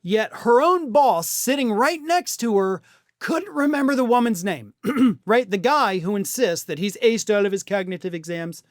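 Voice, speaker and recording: A man's voice: high voice, expressive, moderate pace, no room sound, studio quality. Blunt, sarcastic male political commentator. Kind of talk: opinion commentary monologue.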